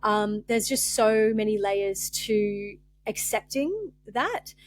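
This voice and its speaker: A woman's voice: medium pitch, lively intonation, takes it slowly, no room sound. A young woman hosting a candid spiritual podcast monologue, rambling and open-hearted with many fillers, emotional and close to tears. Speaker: podcast host.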